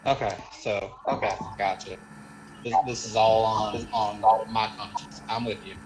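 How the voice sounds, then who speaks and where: A man's voice: on the low side, level tone, measured pace, a little mellow, faint music behind, rough recording. A man playing in a tabletop game, hesitant and stammering. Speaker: player. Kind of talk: casual tabletop game chat.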